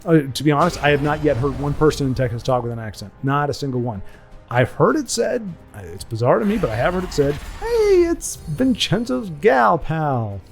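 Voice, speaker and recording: A man's voice: medium pitch, expressive, fast, faint music behind. A man hosting a gaming channel, chatting casually and rambling over his gameplay, correcting himself often and slipping into goofy voices when he quotes people. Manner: rambling, self-correcting, folksy asides.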